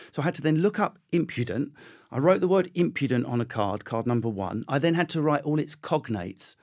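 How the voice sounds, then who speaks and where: A man being interviewed as a comedian guest, telling stories in a rapid, animated, self-deprecating way with frequent restarts. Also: medium pitch. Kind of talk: conversational interview storytelling.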